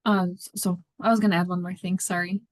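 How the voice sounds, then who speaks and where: A woman chimes in at a public meeting with a lowish, flat voice. She speaks haltingly, apologizing and restarting as she finds her words. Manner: hesitant, halting.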